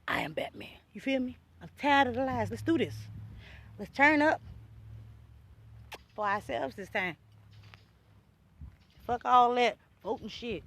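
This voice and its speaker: A woman vlogger ranting casually to her viewers, loud and animated, full of slang and swearing and quick laughs. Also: fairly high pitch. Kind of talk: casual rant to camera.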